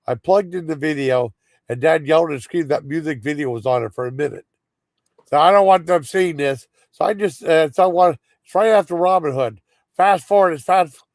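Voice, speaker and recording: A man's voice: on the high side, normal speed, darkish tone, no room sound. Rambling, swearing man with a dry voice. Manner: rambling, frustrated, swears freely. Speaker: live stream host. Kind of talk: casual storytelling chat.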